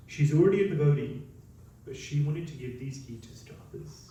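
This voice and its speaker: A man, a monk, telling lively stories in a talk and acting out what people said. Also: a little high, fairly quick, dull audio, a little hiss or hum. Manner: lively anecdotal storytelling, acts out quotes. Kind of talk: storytelling talk. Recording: very echoey hall, mic at a distance.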